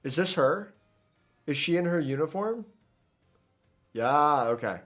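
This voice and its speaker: Man, game streamer, casual rambling commentary, fairly high voice, desk mic, faint music. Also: lively intonation, takes it slowly, a bit bright. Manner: rambling, chatty, self-interrupting.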